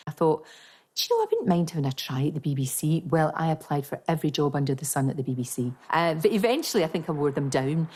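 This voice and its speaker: A woman's voice: deep voice, darkish tone, breathy edge. A middle-aged woman with a working-class Glasgow accent, chatting through memories of her TV career in a documentary interview. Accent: Glasgow Scottish. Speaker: TV presenter.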